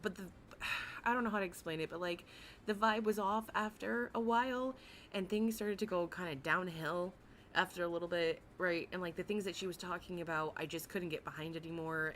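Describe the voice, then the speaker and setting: A young adult woman with a raspy voice, chatting casually and rambling on a livestream, often giggling, with many fillers. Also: on the low side, moderate pace, a bit bright, a little hiss or hum. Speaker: livestream commentary host.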